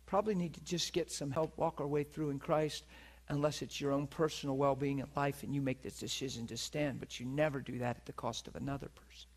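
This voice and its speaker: A man preaching a sermon, telling a personal story with animated delivery and laughter. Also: medium pitch, fairly quick. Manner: animated, laughs at his own story, acts out the people in it. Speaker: preacher teaching on divine healing. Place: teaching session before a listening audience.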